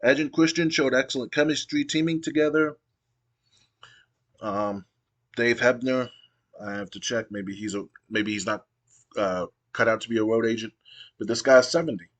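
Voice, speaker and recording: A man's voice: medium pitch, steady tone, normal speed, long pauses, fairly bright tone. A man casually narrating a wrestling sim playthrough with many fillers and restarts. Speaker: gamer playing a wrestling sim. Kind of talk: casual let's-play narration.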